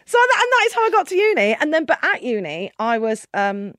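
A middle-aged woman, a guest, telling her life story candidly and emphatically, swinging between quiet and loud. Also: high-pitched, huge pitch swings, fairly quick, dry recording, studio quality. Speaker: guest, keynote speaker. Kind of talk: candid personal storytelling in conversation.

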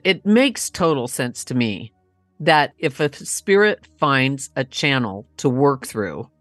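A woman with a deep voice asks curious questions at a slow, unhurried pace. The sound is dry and close. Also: no room sound. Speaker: co-host. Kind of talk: casual chat.

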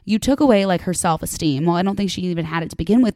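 A young woman hosts a podcast in casual solo chat, gossiping emphatically, leaning heavily on "like" and swearing through her rants. Her voice is on the low side with a dark tone, very fast with few pauses, and there is no room sound.

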